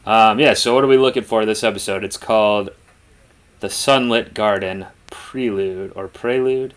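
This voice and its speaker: A man's voice: lowish voice, steady tone, normal speed. A man co-hosting a reaction show, chatting casually in a rambling, laid-back way with lots of fillers. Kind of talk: casual chat.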